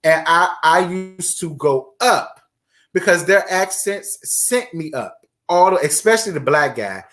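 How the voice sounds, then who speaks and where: Man around forty, raised pitch, chatty livestream host, emphatic repetition. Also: lively intonation, unhurried, fairly bright tone, soft background music. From Virginia, USA. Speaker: host of a live chat stream. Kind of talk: casual livestream chat, reading viewer comments.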